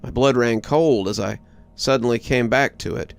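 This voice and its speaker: A man reading a horror story aloud in a low, hushed scripted narration. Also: normal speed, creaky, smooth, faint music behind.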